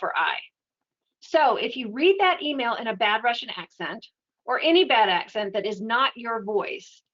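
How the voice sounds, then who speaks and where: A woman giving an educational webinar talk in a steady, explanatory, conversational way. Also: on the high side, dull audio. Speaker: webinar presenter.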